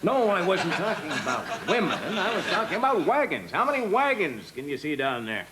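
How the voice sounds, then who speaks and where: An actor playing a straight-laced masked cowboy hero, deadpan and puzzled. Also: male voice, high voice, a little fast, slight background noise, heavily acted.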